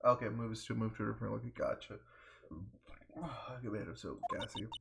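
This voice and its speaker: A man's voice: fairly low pitch, little pitch movement, fast, creaky, background noise. A man streaming a video game with casual, rambling commentary, thinking aloud and joking about himself between coughs. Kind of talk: casual let's-play commentary.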